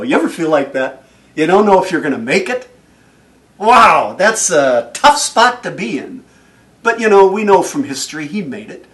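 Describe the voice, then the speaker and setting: A man giving a motivational speech, telling stories in an animated way and chuckling often. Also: sits high, moderate pace, far from the mic. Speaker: motivational speaker.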